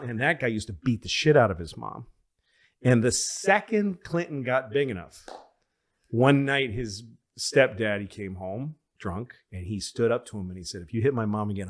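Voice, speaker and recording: A man co-hosting a podcast, telling stories in a loose, swearing chat and acting out the people in them. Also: mid-range voice. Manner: animated storyteller, acts out voices, swears freely. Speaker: podcast co-host. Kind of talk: casual storytelling chat.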